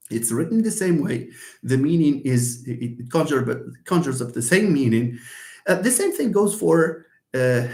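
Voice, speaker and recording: A man's voice: a little high, sing-song, darkish tone. Man lecturing in an echoey room. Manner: repeats and restarts, many fillers, explains slowly. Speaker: linguistics lecturer. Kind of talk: live online lecture.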